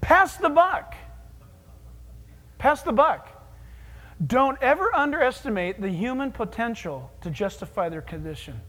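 Animated, jokey preacher man. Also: very high-pitched, unhurried, long pauses, big-room sound. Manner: animated, jokey, swings from hushed asides to loud exclamations. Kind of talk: sermon.

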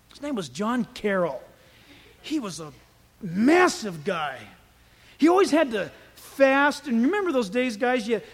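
A man preaching a sermon as pastor, telling stories in an animated way. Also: high-pitched. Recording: echoey hall with long reverb.

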